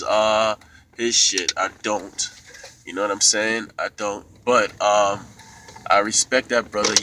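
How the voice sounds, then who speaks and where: A man talks through his opinions in a loose, rambling monologue, swearing freely and circling back with fillers. His voice sits low but comes across bright and forceful. He is a little off-mic, with faint noise behind him. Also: recorded from a distance, rough recording. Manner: blunt, profane, rambling with many fillers. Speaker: YouTuber giving commentary.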